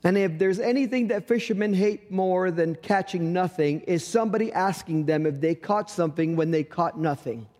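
High-voiced preacher in a reverberant hall. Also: male voice, moderate pace, few pauses, a little mellow. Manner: storytelling, acts out dialogue, humorous asides. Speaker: pastor. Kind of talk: sermon.

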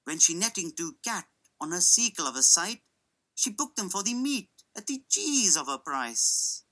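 A playful young newlywed shopkeeper, as a woman puts him on recites in a rhythmic, sing-song way. The voice is bright and sharp, and the pitch jumps around a lot. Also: big pitch swings, normal speed, exaggerated voice, low-quality recording. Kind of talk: dramatic poetry reading.

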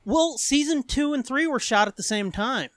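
High-voiced joking podcast host man. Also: lively intonation, moderate pace, fairly bright tone, no room sound, studio quality. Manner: joking, crude, laughs often. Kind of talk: casual podcast chat.

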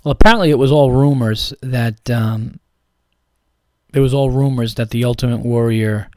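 A man's voice: mid-range voice, normal speed, a little mellow, no room sound, studio quality. A man hosting a podcast in a casual comedic monologue, rambling and profane with lots of restarts. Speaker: podcast host.

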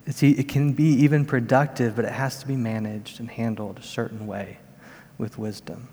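A man's voice: medium pitch, steady tone, moderate pace, darkish tone. Earnest man preaching in a hall. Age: 30s. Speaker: pastor. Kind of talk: sermon. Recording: long reverb of a large hall.

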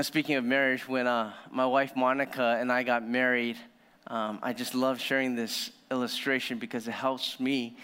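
High, bright-voiced pastor preaching in a reverberant hall. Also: male voice, smooth. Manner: animated storytelling, swings from hushed to excited. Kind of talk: sermon. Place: church sanctuary. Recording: long hall reverb of a church sanctuary.

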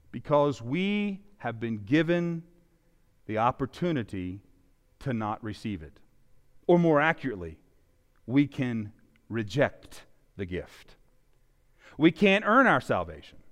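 A male pastor preaching a sermon, with animated emphasis that swings loud and soft. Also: on the high side. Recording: long reverb of a large hall.

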